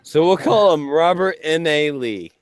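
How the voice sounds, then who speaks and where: A man's voice: a little high, lively intonation, dry recording. A man hosting a casual talk show, joking and swearing as he bounces off his co-hosts. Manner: joking, swearing, quick to laugh. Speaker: podcast host.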